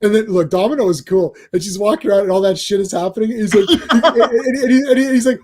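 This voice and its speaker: A man hosting a casual podcast chat, rambling excitedly and acting out scenes from movies he loves. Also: high voice, fast talker, hardly any pauses. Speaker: podcast host.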